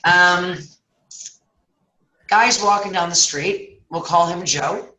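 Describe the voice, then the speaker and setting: A woman, a guest speaker, telling a story in casual chat and acting out voices. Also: deep voice. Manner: animated, acts out voices. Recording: echoey room.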